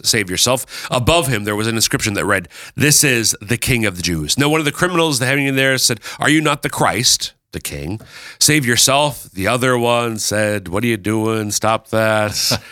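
A man hosting a casual chat, explaining Bible readings with lively, playful asides. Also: medium pitch, no room sound, clean studio sound. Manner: lively, animated, breaks into playful character voices. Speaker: podcast host explaining scripture.

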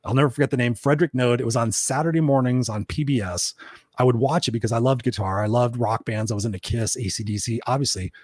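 A man's voice: medium pitch, fast, darkish tone, breathy edge, no room sound, clean studio sound. A man hosting a solo livestream, telling candid, profane stories with lots of fillers and restarts. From Southern California. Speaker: host. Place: room at home.

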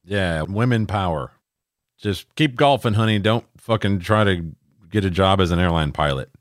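A man's voice: sits low, lively intonation, normal speed, dry recording, studio quality. A man co-hosting a podcast in crude casual banter, a profane storyteller prone to ranting. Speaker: podcast co-host.

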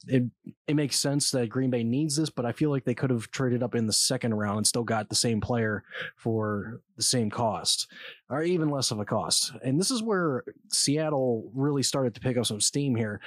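A man's voice: mid-range voice, dry recording. Man, casual sports commentary, opinionated, swears casually, dry sound. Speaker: football draft commentator.

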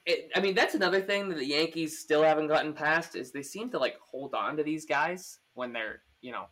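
A man's voice: a little high, brisk, fairly bright tone. A man hosting a podcast, chatting casually about sports with lots of fillers and restarts. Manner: rambling, full of fillers and restarts. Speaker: podcast host.

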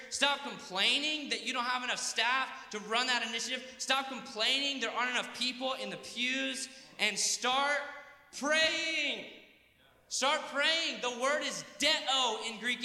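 A man's voice: very high voice, pushed and bright. A man preaching earnestly at a church conference, leading the audience in call-and-response. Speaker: pastor. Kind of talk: conference sermon. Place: conference hall. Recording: echoey hall, live PA sound.

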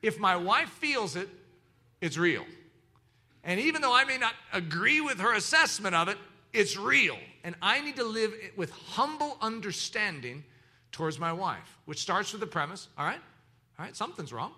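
Bright, lively preaching man. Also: sits high, moderate pace. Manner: emphatic, preacherly teaching. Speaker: pastor. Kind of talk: sermon.

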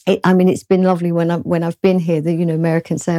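A middle-aged woman with a southern English accent answers interview questions politely, often pausing to find her words. Her voice is fairly low and mellow. It is recorded close and dry. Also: fairly even intonation, no echo. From southern England, London. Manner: soft-spoken, polite, hesitant. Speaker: author and guest. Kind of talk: casual interview chat.

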